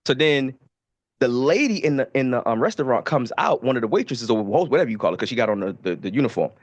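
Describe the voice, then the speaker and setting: A man from Baltimore, a podcast co-host, telling stories in a profane, animated casual way. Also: mid-range voice, quick pace, no room sound, highs cut off. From Baltimore, USA. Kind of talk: casual storytelling.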